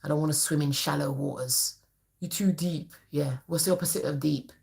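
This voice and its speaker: A woman's voice: sits low, normal speed, gravelly, darkish tone. A woman, a therapist, giving an emphatic, colloquial motivational talk to camera in a preachy manner.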